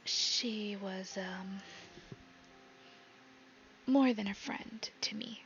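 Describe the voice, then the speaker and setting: A woman playing a gentle, evasive patron spirit. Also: medium pitch, fairly even intonation, vocal fry, soft background music. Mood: whispered. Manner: hesitant, many pauses and fillers. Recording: slightly dull lo-fi sound.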